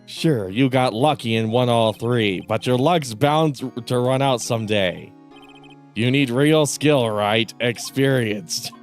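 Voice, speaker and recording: A man voicing a haughty male prosecutor in a game, speaking slowly and disdainfully with a slightly nasal tone. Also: medium pitch, soft background music. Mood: condescending.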